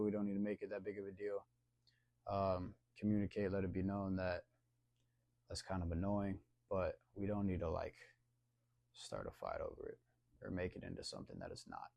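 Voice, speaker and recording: A young man with a low, gravelly voice tells a rambling, slangy story in a relaxed, conversational way. His tone is dark and mellow. The sound is dry and close, with no room around it. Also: no room sound. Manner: laid-back, rambling, slangy. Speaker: vlogger telling a story. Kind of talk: casual storytelling.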